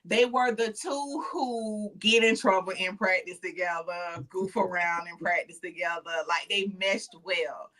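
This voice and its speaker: Woman podcast co-host, fairly low voice, lively colloquial storyteller. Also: measured pace, hardly any pauses, recorded from a distance, poor audio. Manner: animated storyteller, colloquial, giving shout-outs. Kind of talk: casual chat.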